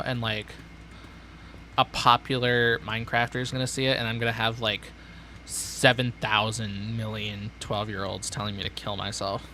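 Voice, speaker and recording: A man's voice: medium pitch, pushed and bright, a little hiss or hum. A young man streaming a building game, rambling sardonically and talking to himself. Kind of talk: casual gameplay chatter.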